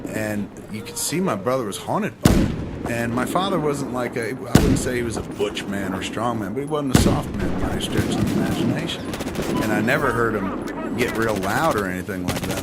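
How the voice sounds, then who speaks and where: A man's voice: on the low side, normal speed, very noisy. A man on a podcast telling a personal story, profane and emphatic, acting out the people in it. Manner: profane, emphatic, animated retelling. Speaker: podcast guest. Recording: podcast audio under loud gunfire. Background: loud video game gunfire and explosions.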